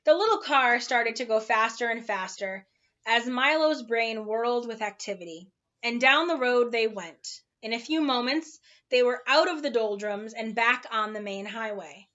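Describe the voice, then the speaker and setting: A woman narrating a children's storybook aloud in an expressive, animated way. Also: on the high side, normal speed, dull audio.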